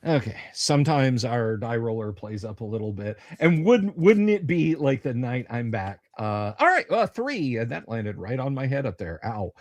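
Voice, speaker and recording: A man's voice: medium pitch, big pitch swings, moderate pace, few pauses, dry recording. A man running a tabletop game as game master, narrating with many fillers and joking asides.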